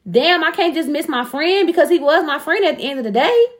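On a casual chat show, a young woman tells a personal story bluntly and profanely, animatedly acting out the back-and-forth. Her voice sits high and she speaks fairly quickly.

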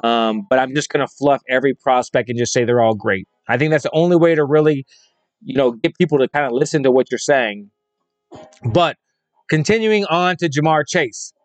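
A man's voice: mid-range voice, normal speed, dry recording. A man hosting a solo fantasy football show, speaking with emphatic, repetitive conviction. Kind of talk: opinionated solo commentary.

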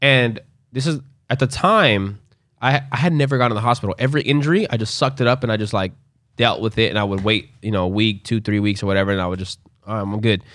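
A man's voice: fairly low pitch, fast, fairly bright tone, no echo. A young man casually telling a story, loose and profane, acting out quotes along the way.

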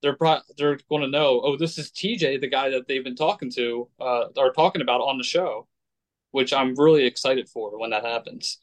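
A man's voice: mid-range voice, normal speed. A man in a casual podcast chat who talks hopefully and keeps restarting his sentences.

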